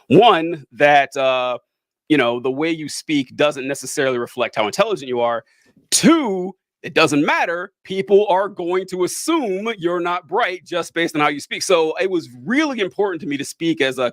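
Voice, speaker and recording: A man's voice: a little high, fairly bright tone, no room sound. A man from the American South hosting a casual chat, rambling and restarting sentences, laughing often. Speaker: podcast host.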